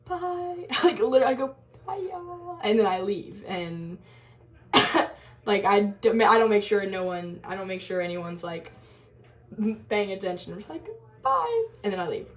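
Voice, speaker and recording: A woman's voice: mid-range voice, normal speed. A young woman telling a story in a casual college vlog, chatty and giggly, full of fillers and quoted asides. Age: young adult. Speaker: college vlogger.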